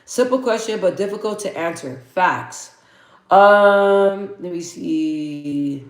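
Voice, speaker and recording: Her voice is mid-range and very animated, yet she speaks without hurry, and the room has noticeable echo. Hosting a relaxed live Q&A stream, this woman chats excitedly, laughs frequently and reads out what viewers answer.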